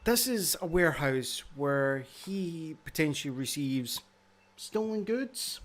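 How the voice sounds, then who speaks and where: A man playing a tabletop role-playing game, questioning another character in an animated, joking way. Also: on the high side, slow.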